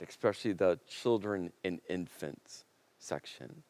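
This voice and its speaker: A man pastor preaching a sermon in a conversational, animated way, acting out quotes. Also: sits low, normal speed, clean tone, dry recording.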